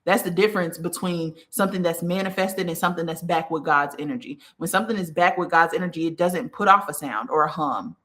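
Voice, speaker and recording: A woman's voice: on the low side, a little fast, hardly any pauses, a bit bright. A woman giving a casual spiritual talk, addressing her listeners directly and often checking in with "okay". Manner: conversational, many fillers like okay and like. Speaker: spiritual teacher.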